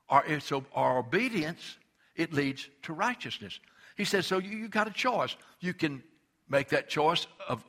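Older male preacher, bright and fervent. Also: on the high side. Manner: fervent, emphatic preaching with stammered restarts. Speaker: pastor. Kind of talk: sermon.

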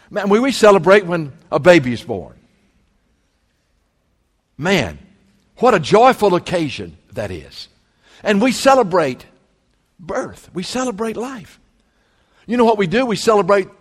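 A pastor delivers an emphatic sermon, his slightly high voice swinging widely in pitch. He mixes folksy asides with earnest preaching. A long reverb from the church hall trails each phrase. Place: church sanctuary.

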